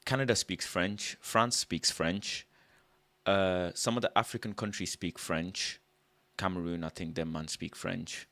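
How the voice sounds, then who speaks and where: A young man hosting a casual livestream, thinking out loud in an animated way and breaking into loud shouts. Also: deep voice, a little slow, dry recording. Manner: animated, musing aloud, loud shouted bursts. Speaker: livestream host.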